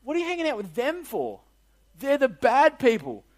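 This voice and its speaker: A man's voice: extremely high pitch, huge pitch swings, moderate pace, pitched above the performer's own voice, heavily acted. A man voicing a group of scornful, self-righteous Pharisees who scold in a whiny, indignant, childish way.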